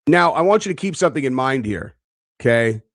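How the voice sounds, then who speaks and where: A man's voice: mid-range voice, expressive, a little fast, dry recording, studio quality. A man giving casual reaction commentary, brash and profane, boastful, talking in bursts with frequent fillers. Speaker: online commentator.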